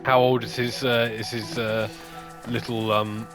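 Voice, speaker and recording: A man's voice: medium pitch, level tone. A man hosting a let's play, chatting casually and joking while he plays. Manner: jokey, quick asides, laughs often. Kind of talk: casual gaming chat. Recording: game music underneath.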